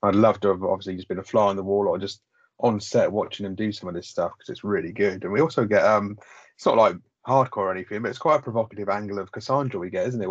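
A man's voice: deep voice, breathy edge, dry recording. A man co-hosting a podcast, chatting loosely about a sitcom with plenty of "like" and casual swearing. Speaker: podcast co-host. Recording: slightly muffled lo-fi audio.

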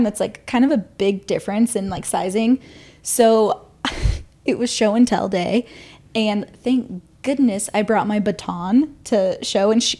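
A woman's voice: mid-range voice, a little mellow. A young woman co-hosting a podcast, telling a school story in casual chat with lots of laughs. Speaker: podcast co-host.

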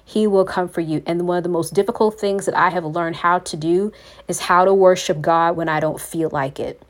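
A woman's voice: on the low side, steady tone, moderate pace. A woman hosting a faith podcast, talking in an earnest, preachy way and calling her listeners "you all". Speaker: podcast host.

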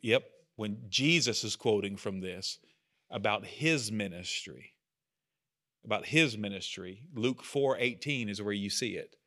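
A man leads a group Bible study with a keen, conversational energy. His voice sits a little low but sounds bright and forceful. He keeps checking in with listeners. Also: a little slow. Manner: enthusiastic, conversational, asks the group questions. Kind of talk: casual teaching to a group.

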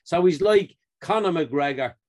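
Lively man telling sports stories. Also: fairly high pitch, unhurried. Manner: animated storyteller, laughs often, acts out quotes. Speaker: podcast co-host. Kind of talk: casual banter among friends.

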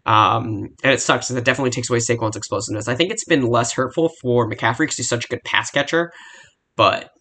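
Young male podcast host, quick and profane, heated rambling football rant. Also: mid-range voice, bright, forceful tone.

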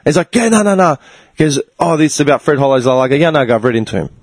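A man's voice: medium pitch, racing. A man, telling a story in casual chat, swearing freely and acting out both sides of the conversation. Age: 30s.

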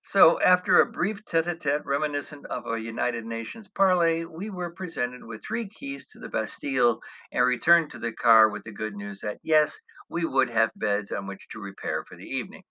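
Middle-aged man, sharp bright tone, dry self-mocking storyteller, dull lo-fi recording. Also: mid-range voice, expressive, normal speed, hardly any pauses. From United States. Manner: wry, self-mocking, chuckling asides. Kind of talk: humorous personal travel storytelling.

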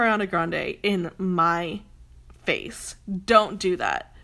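A woman's voice: on the low side, lively intonation, drawn-out words, creaky, bright, forceful tone. A young woman ranting heatedly in a commentary vlog, emphatic and swearing often, with a lot of "like" fillers. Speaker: commentary vlogger.

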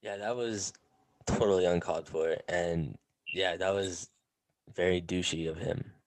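A man with a low voice hosts a casual interview. He reacts easily to his guest's story and asks relaxed follow-up questions. His voice is recorded dry and close, with no echo. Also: measured pace.

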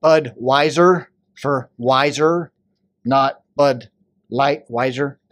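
A man's voice: mid-range voice, very slow, a bit bright, no echo. A man co-hosting a podcast, joking around in casual chat with folksy slang. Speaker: podcast co-host.

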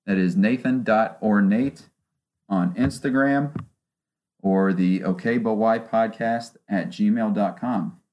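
A man's voice: on the low side, slow pace, muffled recording. A young man hosting his own podcast alone in a small home studio, talking casually and ranting with sarcasm. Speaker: podcast host. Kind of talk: solo casual podcast talk. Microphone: one omnidirectional microphone.

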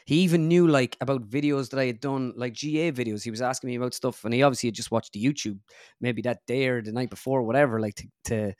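A man's voice: mid-range voice, quick pace, a little mellow, dry recording, studio quality. A young Irish man, a guest comedian, telling a rambling golf story in casual chat, full of fillers. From Ireland.

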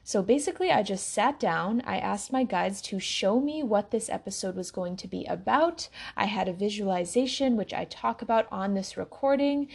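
A woman hosting her own wellness podcast, talking to listeners in a slow, relaxed way with frequent ums. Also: medium pitch, gravelly, husky. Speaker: podcast host and intuitive health coach. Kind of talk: casual podcast monologue.

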